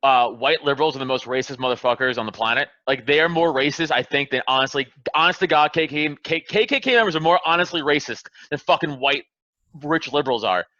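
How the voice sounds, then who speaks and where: A man ranting profanely and passionately as a guest on a casual podcast, building to loud emphatic peaks. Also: medium pitch, quick pace, dry recording, muffled recording. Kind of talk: heated casual podcast rant.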